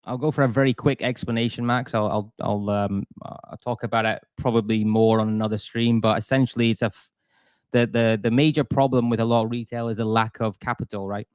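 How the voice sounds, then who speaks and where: A man's voice: medium pitch, fairly even intonation, brisk, a little mellow, clear, resonant tone, no echo. Chatty man streaming trade talk. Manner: chatty, self-deprecating, lots of restarts. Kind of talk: live-stream trading commentary.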